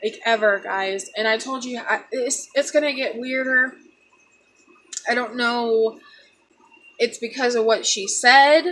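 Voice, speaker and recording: A young woman telling a painful personal story to her viewers, tearful, halting and repeating herself. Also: a little high, fairly even intonation, a bit bright, a little hiss or hum. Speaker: vlogger.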